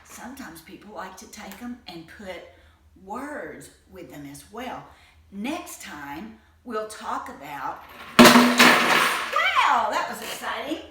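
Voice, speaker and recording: A woman's voice: medium pitch, expressive, slow. A woman teaching a children's music lesson, encouraging and chanting rhythm syllables in a home room with tile floors. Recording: roomy far-off home recording, loud noise.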